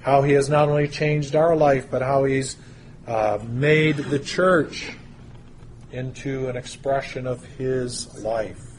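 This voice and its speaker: A man preaching a sermon, teaching through a Bible passage in a measured way with pauses and stressed words. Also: mid-range voice, steady tone, a little hiss or hum.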